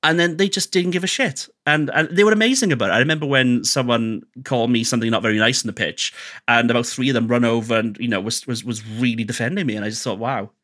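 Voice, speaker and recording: A man appears as a podcast guest, telling candid personal stories in a chatty, self-deprecating manner and often restarting his sentences. His mid-range voice is fast with a fairly bright tone.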